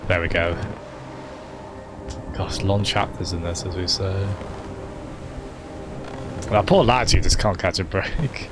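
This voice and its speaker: A man's voice: deep voice, slow, pauses often, noisy background. A man giving live commentary on a game, chatting with viewers and laughing often. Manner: chatty, laughs often, talks to chat by name. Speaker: game streamer.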